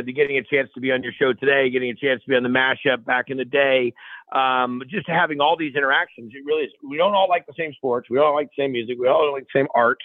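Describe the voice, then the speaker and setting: A man of middle pitch tells energetic, animated stories as a guest, often repeating and restarting his phrases. He calls in over a dry, thin phone line with no room sound. He acts out the quotes with a lively push. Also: dry recording. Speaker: guest chef. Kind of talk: animated storytelling on a radio show.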